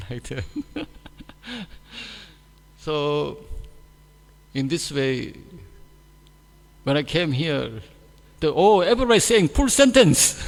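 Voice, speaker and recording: Male class speaker, gravelly voice, plain broken-grammar English, long hall reverb. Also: fairly high pitch. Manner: simple, halting non-native English with dropped articles; animated when mimicking others. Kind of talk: scripture class talk. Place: temple hall. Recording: echoey hall.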